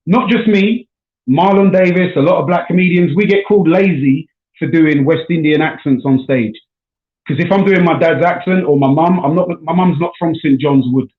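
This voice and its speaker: South London comedian on a tinny call. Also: male voice, on the high side, normal speed. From South London, England. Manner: relaxed, chatty, says man and bro often. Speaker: stand-up comedian guest. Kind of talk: casual chat. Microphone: video call. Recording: echoey, tinny call audio.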